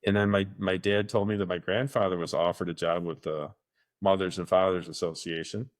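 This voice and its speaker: Speaking briskly in a deep, steady voice, this middle-aged podcast co-host wanders through long stories in casual chat. Whenever he quotes someone, he performs their voice.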